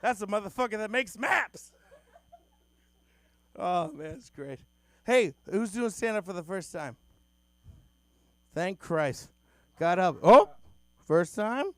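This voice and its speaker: A man's voice: sits high, animated, slow, pauses often, no room sound. A young man from Boston doing a crude, self-mocking stand-up set on a club stage into a handheld mic. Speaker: stand-up comedian.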